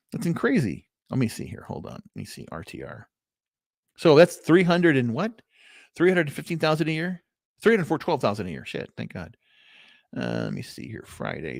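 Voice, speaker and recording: Rambling, animated man, swearing freely. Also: medium pitch, vocal fry, no room sound, studio quality. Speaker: vlogger. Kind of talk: live unscripted reflections.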